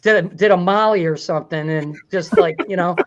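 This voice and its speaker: A man's voice: high voice, fairly quick, dull audio, a little hiss or hum. A man hosting a comedy talk show, joking and laughing through his running commentary.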